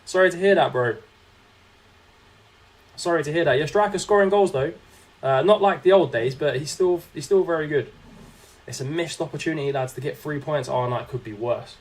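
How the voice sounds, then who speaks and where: With a slightly high voice, a moderate pace, and frequent pauses, a young streamer commentates his own game. He chats casually, reacts to what happens, and reads chat aloud to answer his viewers.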